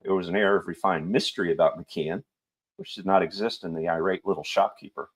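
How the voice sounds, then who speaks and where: A middle-aged man reading a novel aloud on his show in an unhurried, lightly theatrical way. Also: low-pitched, fairly even intonation, husky.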